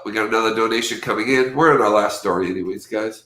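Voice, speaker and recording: A man hosting a casual livestream, rambling and lively when he quotes others, with his allergies acting up. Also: on the low side, quick pace, roomy sound. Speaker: livestream host.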